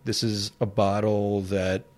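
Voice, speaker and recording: A young man cohosting a podcast, telling a story in a loose, swearing, laughing way and shouting out the lines he quotes. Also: lowish voice, level tone, slow. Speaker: podcast co-host. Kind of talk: casual storytelling chat.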